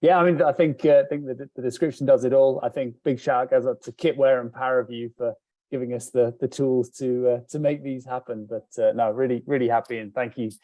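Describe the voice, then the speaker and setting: A man's voice: medium pitch, steady tone, brisk, warm tone, no room sound. A man joining over a video call, speaking in a grateful, hesitant way. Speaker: contest runner-up.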